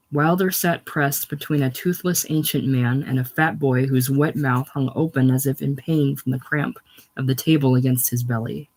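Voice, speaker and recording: A man reading a novel aloud in a steady, measured way, his voice sitting slightly on the high side. The narration stays even and unhurried. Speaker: audiobook reader.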